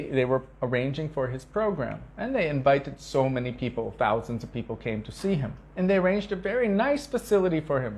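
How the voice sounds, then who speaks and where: Earnest man giving a devotional talk. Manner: earnest storytelling with emphatic repetition; acts out quoted speech with sharp pitch shifts. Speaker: spiritual teacher.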